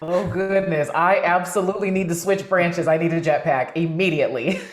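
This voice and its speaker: A woman hosting a talk show, friendly and quick to laugh. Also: lowish voice, reverberant. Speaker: TV show host. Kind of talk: show host links.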